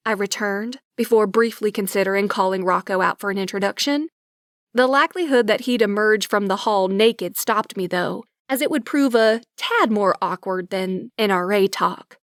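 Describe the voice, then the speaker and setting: A woman narrating a romantic comedy audiobook in first person, with wry, lively storytelling. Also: mid-range voice, moderate pace, no room sound, studio quality.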